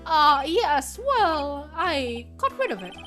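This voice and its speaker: A woman's voice: high-pitched, very animated, music in the background, voice pushed up, exaggerated voice. A woman voicing a fussy elderly male lawyer who rambles, hesitates and keeps saying "my boy". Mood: fretful. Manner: halting, nostalgic, calls others "my boy".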